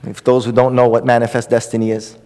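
Speaking fast in a monotone, mellow, mid-range voice, a man lectures on a religious text sermon-style, with a long reverb tail trailing his words. He addresses the audience conversationally but emphatically, repeating words and asking questions.

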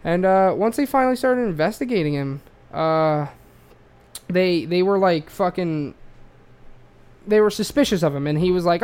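A man's voice: high voice, lively intonation, normal speed, darkish tone, smooth. Rambling, profane Australian man. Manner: rambling, profane, lots of fillers. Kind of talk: casual true-crime storytelling.

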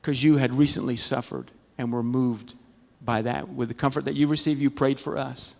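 A man's voice: medium pitch, fairly even intonation, normal speed, gravelly, a little mellow. A man teaching a Bible study, giving a conversational, folksy sermon full of humorous stories. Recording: long church-hall reverb.

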